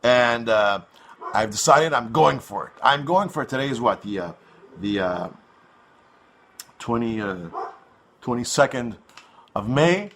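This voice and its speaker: A man from North America rants through a loose, foul-mouthed monologue for his online show. His voice is bright and forward, and it keeps looping back on itself with you-knows and likes. He talks like he is holding court. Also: mid-range voice, animated, a little slow, pauses often, a little hiss or hum. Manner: crude, swearing, rambling with many fillers. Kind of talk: rambling profane monologue.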